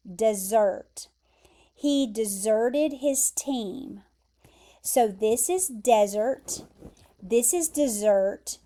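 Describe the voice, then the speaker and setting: A woman with an American accent teaches English vocabulary at a very slow, deliberate pace. Her voice sits a little high with a mellow, warm tone. She spells out words and repeats each pronunciation with care. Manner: slow, careful explaining with clear repeated pronunciations. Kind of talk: vocabulary lesson.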